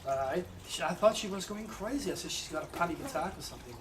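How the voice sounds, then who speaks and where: A man telling a personal story in an animated way, with halting restarts. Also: sits high, far from the mic, background noise. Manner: animated, acts out quoted voices, halting restarts. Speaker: astrologer telling his own story.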